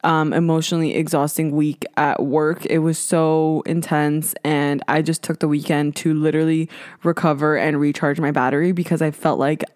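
A young woman chats into a podcast mic from a small closet. Her voice sits a little low and sounds very dry and close. She rambles, swears casually, and pokes fun at herself. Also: flat delivery, moderate pace, darkish tone, dry recording. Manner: chatty, swears, self-mocking, lots of "like". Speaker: podcast host. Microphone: podcast microphone.

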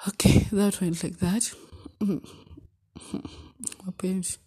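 A young woman with a Kenyan accent tells a personal heartbreak story, swinging between loud exclamations and hushed asides and slipping in Swahili. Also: medium pitch, fairly even intonation, slow, slightly rough. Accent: Kenyan English. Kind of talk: emotional storytime vlog.

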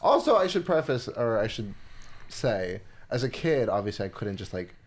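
Laid-back man in his twenties, low voice. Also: very animated, moderate pace. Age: 20s. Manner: laid-back, lots of "like" fillers, swearing for emphasis. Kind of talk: casual chat.

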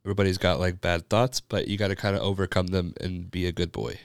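A man's voice: deep voice, fairly even intonation, quick pace, creaky, smooth, no room sound, clean studio sound. A young man co-hosting a podcast, jokey and laid-back in casual chat. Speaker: podcast co-host.

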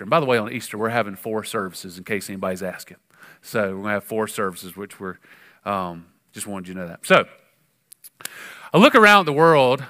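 A man preaching a sermon as pastor, conversational and animated, with frequent fillers and sudden emphatic rises. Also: medium pitch.

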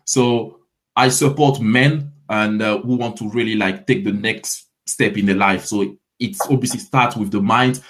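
A man's voice: on the low side, fairly even intonation, measured pace, fairly bright tone. A man in his thirties from Ivory Coast with a French accent, a fitness coach answering interview questions in a friendly way with frequent restarts. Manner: friendly, repeats words while starting sentences.

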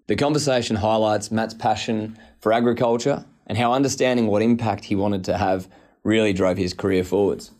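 A man hosts a podcast and reads a scripted opening in a steady, measured way. His voice sits on the low side. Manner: steady, reading a prepared intro. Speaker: podcast host.

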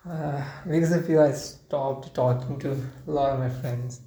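A young adult football fan rambles through an emotional, unscripted vlog, repeating words and close to tears. The voice is mid-range and steady, dark in tone, at a normal speed. The recording has a roomy echo and faint ambient noise.

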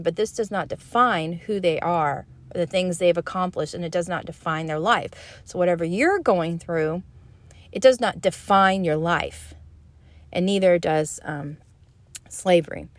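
A woman's voice: fairly low pitch, a little slow. A woman author talking earnestly to writers, with hesitant fillers and restarts. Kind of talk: casual teaching talk.

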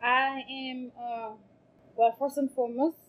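A woman from Haiti, a restaurant owner telling animated stories in a casual interview and laughing often. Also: high voice, a little slow, low-quality recording. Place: farmers market.

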